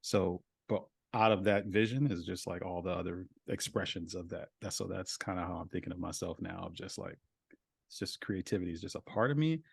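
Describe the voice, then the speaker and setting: A man with a lowish voice talks about his work as a voice actor over a video call. He is reflective and leans on filler words as he thinks aloud. The sound is dry and close. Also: a little fast, creaky, husky, no room sound. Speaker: voice actor guest. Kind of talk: casual interview talk.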